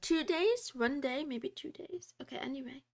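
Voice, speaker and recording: High-pitched giggly woman streamer. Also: lively intonation, moderate pace, gravelly, darkish tone. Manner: giggly, self-deprecating, playfully meows. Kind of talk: casual livestream chat, reading chat aloud.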